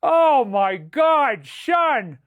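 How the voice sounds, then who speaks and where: A man voicing a furious middle-aged father who rants and yells at his son. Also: very high-pitched, very animated, very slow, no room sound, narrow, tinny audio, full character voice. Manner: ranting, yelling, mock-religious outrage.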